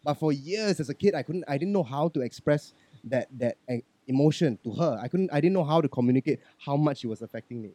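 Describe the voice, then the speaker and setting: A man speaks in on a podcast, blunt and liberal with swear words. He drops to quiet reflection, then gets loud and animated as he tells his story. The sound is close and dry. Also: on the high side, fast, dry recording. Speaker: podcast guest. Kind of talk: casual podcast chat.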